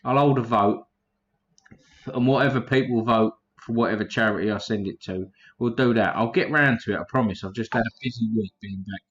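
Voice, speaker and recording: A man's voice: fairly low pitch, brisk, fairly bright tone, highs cut off, a little hiss or hum. A man hosting a casual livestream, reading chat names aloud in a blunt, profane way.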